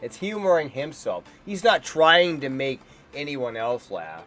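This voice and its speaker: A man's voice: medium pitch, sing-song, measured pace, fairly bright tone, faint music behind. A man giving heated, scornful reaction commentary on a debate clip. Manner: indignant, heated and scornful, ranting. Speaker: political commentator.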